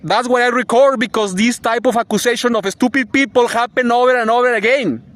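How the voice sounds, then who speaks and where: A man's voice: extremely high pitch, steady tone, fairly quick, a bit bright, slight background noise. A man giving a rambling, agitated vlog monologue, swearing and laughing bitterly as he rants. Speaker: vlogger.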